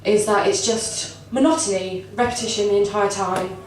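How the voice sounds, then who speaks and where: A woman's voice: mid-range voice, steady tone, moderate pace, slight background noise. A young woman with a cold doing a rambling, self-deprecating stand-up set, giggling between asides. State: has a cold. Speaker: stand-up comedian. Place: comedy club stage. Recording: echoey club recorded from far off with audience. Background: live audience.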